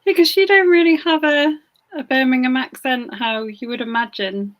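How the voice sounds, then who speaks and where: A woman interviewer with a high voice asks easygoing questions in a relaxed book club chat. She reads out questions passed on from the audience. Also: moderate pace.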